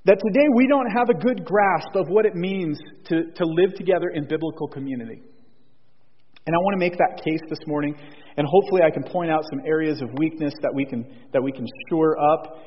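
A man's voice: on the high side, a little fast. Preaching man in an echoing church. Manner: earnest, repeats key phrases, frequent restarts. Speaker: pastor. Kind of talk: sermon. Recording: husky voice in a long church reverb, dull lo-fi sound.

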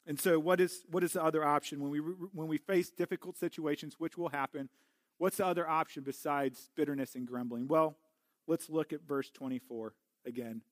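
A man's voice: a little high, fairly even intonation, normal speed, no echo, clean studio sound. A middle-aged man preaching a sermon as a pastor, earnest and often restarting his words. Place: church.

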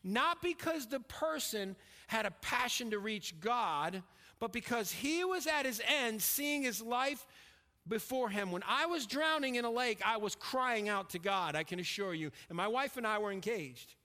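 A middle-aged man preaching a sermon as pastor, emphatic and dropping to a quiet intensity when he tells a personal story. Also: very high voice, animated, measured pace. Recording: long reverb of a hall.

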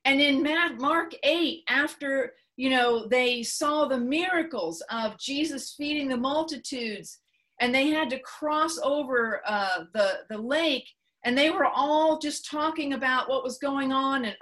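A woman preaching a sermon, earnest and repetitive, slowing down to stress key lines. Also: sits high, a bit bright. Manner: earnest, repeats phrases, slows for emphasis. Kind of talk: sermon teaching.

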